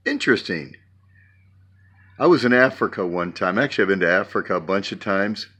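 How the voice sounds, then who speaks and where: A man preaching in a slow, musing way while talking from his porch. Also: sits low, very animated, a bit bright. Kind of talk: devotional vlog talk.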